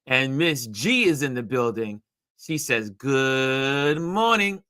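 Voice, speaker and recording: A man hosts a live online show, chatting casually, reading out viewer comments and often repeating phrases for emphasis. His medium-pitched voice is animated, bright and forceful, and he speaks a little slowly. The recording is dry, with clean studio sound.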